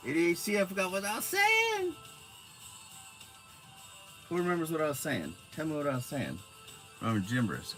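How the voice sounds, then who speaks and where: A man's voice: medium pitch, a bit bright. A man from Arizona with a middle-range voice, chatting on a casual live stream. He rambles through his stories with an easygoing, profane manner, as if talking to friends. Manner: rambling, laid-back, swears freely.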